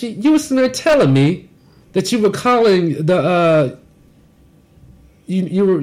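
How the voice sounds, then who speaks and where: A man co-hosting a podcast, telling rambling, profane stories about his workday with frequent restarts. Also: high voice. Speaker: podcast co-host. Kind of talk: casual podcast rant.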